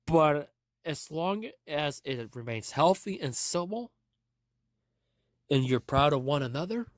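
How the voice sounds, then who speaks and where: A man's voice: on the high side, lively intonation, slow, no echo, clean studio sound. Earnest man hosting an audio podcast. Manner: earnest, repetitive, with frequent restarts. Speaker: podcast host. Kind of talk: rambling motivational monologue.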